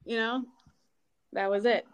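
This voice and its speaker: Woman telling her story with lively quoted voices. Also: on the high side, unhurried, clean tone. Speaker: guest. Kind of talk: candid personal interview.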